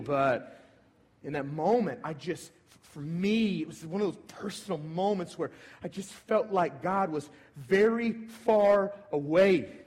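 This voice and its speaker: Man in his thirties, pastor telling a story in a sermon, a touch high-pitched, big reverberant church hall. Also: unhurried, slightly rough. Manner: personal storytelling, swinging from hushed to emphatic. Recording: long reverb of a large hall.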